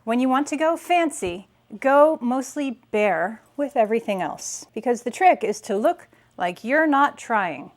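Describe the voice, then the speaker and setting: A woman vlogger giving chatty, playful and emphatic fashion commentary while reviewing a thrift haul. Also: fairly high pitch. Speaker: style vlogger.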